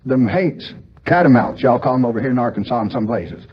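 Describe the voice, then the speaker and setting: A man's voice: mid-range voice, animated, brisk, husky, lo-fi sound. A man playing a rambling politician. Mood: agitated. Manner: folksy, rambling, agitated. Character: blustering older male politician.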